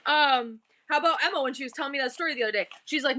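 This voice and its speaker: A middle-aged woman hosting an online auction live stream, chatting casually and bubbly with viewers, tossing in quick asides to the chat. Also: sits high, expressive, pushed and bright, a little hiss or hum.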